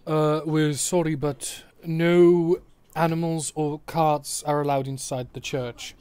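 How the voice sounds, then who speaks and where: A man voicing a stern, dutiful temple guard who speaks formally and slowly, over an online call. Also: on the high side, flat delivery, warm tone, clear, resonant tone. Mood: curt. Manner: formal, stern, slow and measured.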